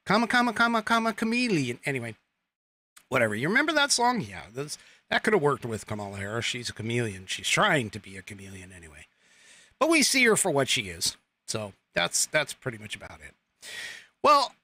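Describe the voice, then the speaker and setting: A man's voice: fairly high pitch, pushed and bright, no room sound. A man hosting a political commentary podcast in a casual, rambling way, full of fillers, restarts and sarcastic asides. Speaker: podcast host.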